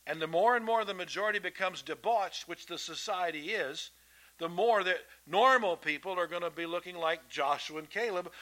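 A man delivers a sermon in a folksy, emphatic way, repeating himself as he makes his points. His voice sits a little high and sounds very bright and sharp. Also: rough recording. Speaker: preacher. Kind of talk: sermon to children and adults.

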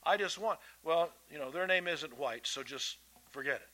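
A man delivers a sermon in a folksy, emphatic way, repeating himself as he makes his points. His voice sits a little high and sounds very bright and sharp. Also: normal speed, low-quality recording. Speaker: preacher. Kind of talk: sermon to children and adults.

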